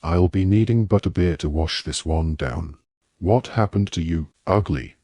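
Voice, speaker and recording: An adult man voicing a savage, gloating male werewolf with a rasping voice. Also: deep voice, unhurried, mellow, no room sound, exaggerated voice. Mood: gloating menace. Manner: gloating, snarling.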